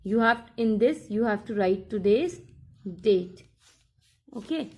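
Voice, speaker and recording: A woman teacher explaining workbook exercises in a recorded lesson, slowly and step by step, repeating her instructions. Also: mid-range voice, animated, warm tone.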